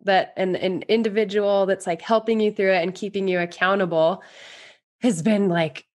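A woman's voice: medium pitch, fairly even intonation, moderate pace. A woman guest on a podcast, talking earnestly and at length in a rambling, casual way. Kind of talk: casual interview chat.

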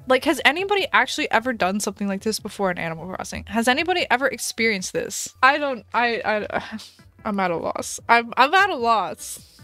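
A young woman streaming a game, chatting casually with her viewers in an excitable, dramatic way, dropping to mutters and jumping up to shrieks. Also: on the high side, a little fast, dry recording. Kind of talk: casual gameplay commentary to a live chat.

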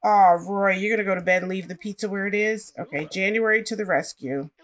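A woman's voice: mid-range voice, brisk. A woman casually commenting on her life-simulation gameplay and chatting to her characters as she plays. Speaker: gaming channel host.

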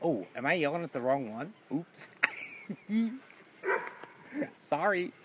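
A man filming his dogs for a casual video, switching between loud scolding and doting baby talk, with some casual swearing. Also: on the high side, expressive, takes it slowly, noisy background. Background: dogs in the background.

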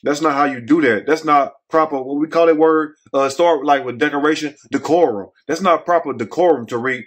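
A man's voice: on the high side, a little fast, slightly rough. A man hosting a commentary vlog, talking in a folksy, scolding, preachy way. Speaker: host.

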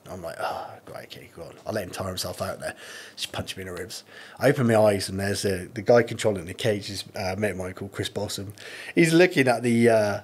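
A man's voice: on the low side, quick pace, slightly rough. A man, a podcast guest, telling anecdotes in a laid-back way, swearing freely. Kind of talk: casual storytelling.

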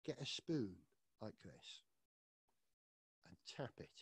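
A man's voice: lowish voice, very animated, takes it slowly, slightly rough, no room sound. A man presenting a playful science demonstration from his living room and talking straight to children. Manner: enthusiastic, playful, addresses children directly.

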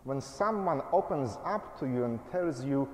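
Slow-speaking man preaching in an echoing church. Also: mid-range voice, expressive. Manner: measured, delivered in short phrases. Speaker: pastor. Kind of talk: sermon.

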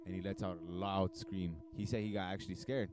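A man's voice: low voice, steady tone, fairly quick, background noise. A man telling a creepy story on a podcast in a rambling way, often asking "right?". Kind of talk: casual storytelling.

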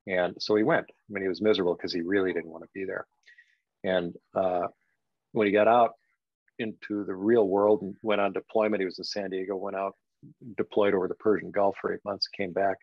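Older guy with a low gravelly voice, slow reflective story, lots of "you know", dull dry sound. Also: flat delivery, dry recording. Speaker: guest. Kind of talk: storytelling in a podcast interview.

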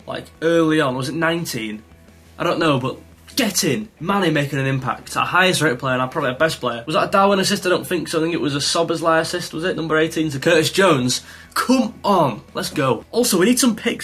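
A young man narrating his football gameplay in a slightly raised, husky voice. He rants in frustration and bursts into loud yells at near misses. Faint music plays underneath. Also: on the high side. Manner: excitable, swings between frustrated rants and yelling at shots. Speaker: gaming YouTuber. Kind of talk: live gameplay commentary.

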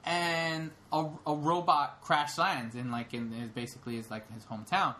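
A man's voice: a little high, little pitch movement, moderate pace, sharp tone. A young man co-hosting a podcast, retelling a film in casual chat, rambling with lots of fillers and restarts. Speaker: podcast co-host.

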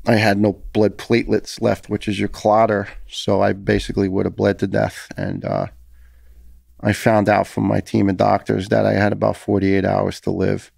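A man's voice: fairly low pitch, normal speed, gravelly, a little mellow, no echo. A middle-aged man with a New York accent, a former firefighter recounting his ordeal in a podcast interview, earnest and emotional, often restarting his sentences. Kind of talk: conversational podcast storytelling.

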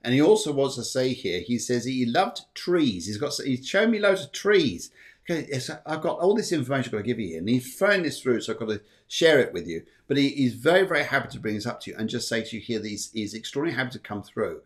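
A man's voice: medium pitch, sing-song, fast talker. A man hosting a live psychic show, giving readings in a chatty, rambling way, correcting himself often and joking between readings. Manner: rambling, self-correcting, jokey, many fillers. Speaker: psychic medium and show host.

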